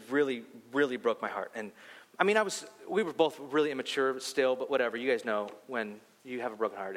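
A young adult man preaching a sermon, firing off rhetorical questions and telling a personal story, his voice climbing high as he grows heated. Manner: animated storytelling, rhetorical questions, pitch rising when heated. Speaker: pastor. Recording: long hall reverb.

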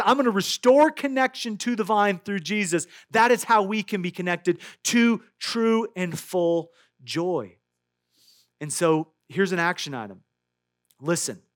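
High-pitched pastor guy preaching, gets loud then drops way quiet, repeats himself when he's fired up. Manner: energetic preaching with big swings from loud to hushed; repeats words when building a point. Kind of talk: sermon.

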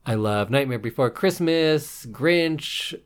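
A man co-hosting a podcast, chatting casually in a relaxed, wry and jokey way. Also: mid-range voice, slow pace, clear, resonant tone. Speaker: podcast co-host. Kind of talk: casual chat.

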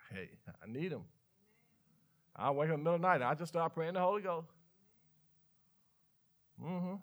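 A pastor with a Southern US accent preaching a sermon, teasing his congregation with playful mock dialogue and quick asides. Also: fairly high pitch, big pitch swings.

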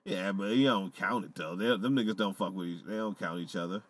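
Fairly quick and low-voiced, a man shoots the breeze on a podcast, full of energy and profanity. Laughter punctuates his talk frequently.

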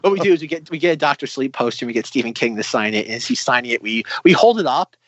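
A man's voice: medium pitch, animated, racing, fairly bright tone, no echo, lo-fi sound. A man co-hosting a podcast in casual chat with wry, dry jokes. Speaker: podcast co-host.

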